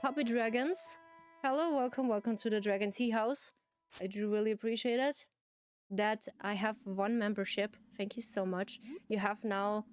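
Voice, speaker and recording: A native German-speaking woman with an Austrian accent chats casually with viewers while streaming a game, often giggling and repeating herself. Her mid-range voice has a darkish tone, with a little hiss or hum in the recording.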